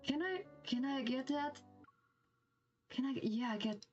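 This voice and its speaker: A woman's voice: fairly high pitch, unhurried, pauses often, dull audio, faint music behind. A woman streamer with a German accent who reads a game story aloud and reacts with giggly, gushing comments.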